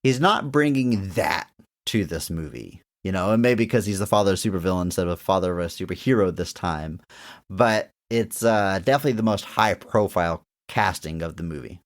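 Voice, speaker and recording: A man with a fairly low voice talks through a film review in a loose, conversational way. He hedges a lot and restarts his sentences as he works out his opinions. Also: brisk. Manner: rambling, hedging with restarts. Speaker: podcast co-host. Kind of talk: casual movie review chat.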